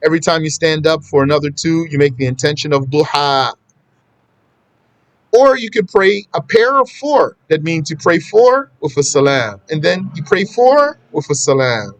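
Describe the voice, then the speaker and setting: A man's voice: on the high side, lively intonation, normal speed, dry recording. A man teaching a casual religious lesson, talking conversationally and repeating his points for emphasis. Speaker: Islamic teacher.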